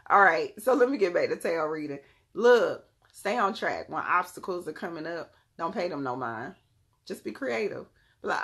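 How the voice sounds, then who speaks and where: A woman's voice: medium pitch, expressive, normal speed, fairly bright tone. A woman giving a casual tarot reading on a live stream, laid-back and slangy, calling her viewers "beloved".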